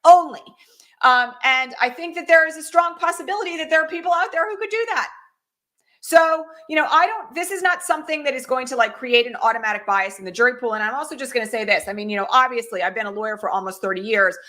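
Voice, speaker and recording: A woman's voice: sits high, fast, sharp tone. A middle-aged woman hosting a political livestream, talking urgently and directly and asking the audience rhetorical questions. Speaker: political commentator and host. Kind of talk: livestream commentary.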